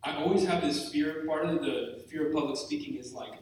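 A man's voice: on the high side, brisk, distant mic. Joking man speaking in an echoey hall. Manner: candid, joking, self-deprecating. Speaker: retreat speaker. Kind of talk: talk to a live group. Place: large room with an audience. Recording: echoey hall, mic from afar.

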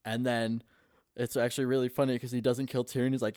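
A man's voice: mid-range voice, little pitch movement, brisk, a little mellow, no echo, studio quality. A young man in casual chat, rambling on as he retells a story and swearing constantly.

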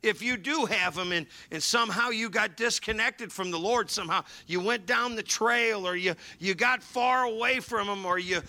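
Fervent high-voiced male pastor preaching. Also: moderate pace, few pauses. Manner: fervent, rising to shouts and dropping to hushed asides. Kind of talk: sermon.

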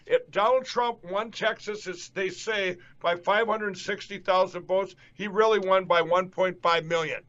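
A man with a high, fairly bright voice and Upper Midwest American accent hosts a political interview show; he's unhurried with few pauses and fairly even intonation, yet emphatic and repetitive as he rallies the audience. The audio is dull and lo-fi.

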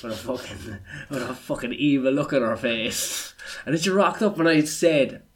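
A man's voice: mid-range voice, normal speed. A man, a stand-up comedian telling a story in casual chat and swearing freely. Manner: swearing, storytelling, self-deprecating.

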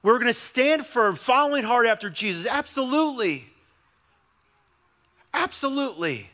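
A man's voice: extremely high pitch, expressive, a little fast, bright, forceful tone. A young adult male pastor preaching a sermon in a conversational way, with emphatic repetition.

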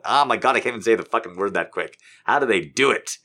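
A man hosts a live stream in a loose, chatty way, joking and poking fun at himself. His voice sits very low but swings up and down a lot as he talks. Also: lively intonation, a little fast, bright, forceful tone. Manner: joking, self-mocking, chatty. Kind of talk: casual live stream chat.

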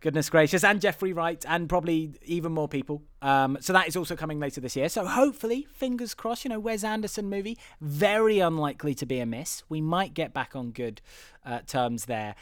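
Male podcast host, slightly high, resonant voice, dry room, wry and giggly. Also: lively intonation, a little fast, clear, resonant tone, no echo. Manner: wry, laughs often, rambling asides. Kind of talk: casual film podcast chat.

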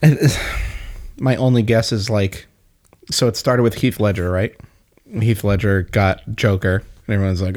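A man's voice: fairly low pitch, fairly even intonation, moderate pace, a little mellow. A man in a casual movie chat, talkative, laughing often and swearing casually.

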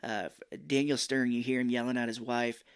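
A man co-hosting a casual movie podcast, chatting and joking, sometimes slipping into quick silly voices. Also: medium pitch, little pitch movement, smooth, no room sound, studio quality. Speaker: podcast co-host. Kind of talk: casual movie-review chat.

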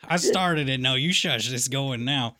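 A man riffing through a show review in a loose, comic ramble. He piles on jokes and tangents and keeps checking in with little "okay?" tags. His pitch sits in an ordinary middle range. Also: measured pace, sharp tone. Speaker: podcast co-host. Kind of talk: casual comedic review chat.

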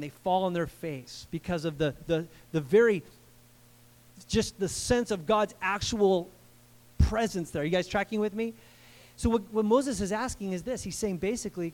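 A man preaching a sermon in an animated, conversational way, with frequent asides to the congregation. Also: high-pitched, moderate pace. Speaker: pastor.

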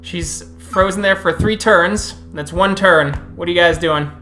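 A woman as storyteller, narrating a tabletop game in an unhurried, halting way. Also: fairly low pitch, a bit bright, faint music behind.

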